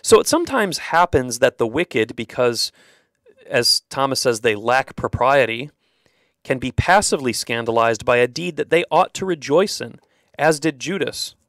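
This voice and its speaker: A male radio host explaining a moral teaching in a relaxed, conversational manner, pausing on fillers and laughing a little. His voice sits at an ordinary middle pitch. The studio sound is dry and close. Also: dry recording. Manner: conversational, with fillers and small laughs, reads passages aloud.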